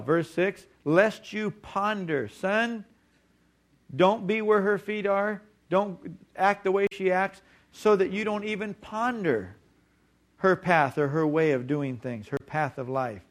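A middle-aged man delivers a sermon from the pulpit. His voice sits a little high for a man. He leans hard on key words and slows right down to drive each point home. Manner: emphatic preaching, slowing down on key words. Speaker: preacher.

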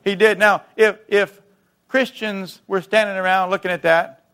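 A man's voice: fairly even intonation, normal speed, clear, resonant tone. Emphatic male pastor preaching. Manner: emphatic, swings between booming and hushed. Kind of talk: sermon.

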